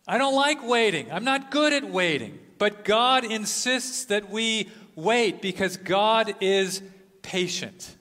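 A man in his sixties preaching a sermon as pastor, dramatic, dropping to a hush and then rising to exclaim. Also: high-pitched, lively intonation, slow pace. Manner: dramatic, swings from hushed to exclaiming. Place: church sanctuary. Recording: long reverb of a church sanctuary.

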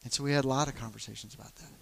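A man's voice: medium pitch, fairly even intonation, very fast, vocal fry, a bit bright. A middle-aged man and church elder telling a personal story in casual talk, candid and self-deprecating, with many fillers.

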